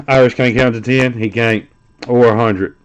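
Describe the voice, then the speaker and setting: A man's voice: medium pitch, steady tone, a little slow. A man streaming live as he opens card packs, talking loosely and teasing a viewer. He swears freely and keeps the banter going. His voice sits in an ordinary middle range. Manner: teasing, profane, joking. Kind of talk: casual live-stream chat.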